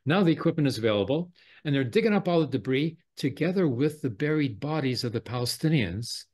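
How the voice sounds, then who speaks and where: Rambling man, mid-pitched, casual chat. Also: animated, brisk, darkish tone. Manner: rambling, many "you know" fillers.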